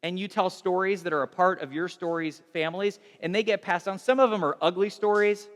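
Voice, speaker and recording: Storytelling male pastor with a higher-pitched voice. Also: steady tone, a little fast, big-room sound. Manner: conversational, self-deprecating, repeats and restarts. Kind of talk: casual storytelling sermon.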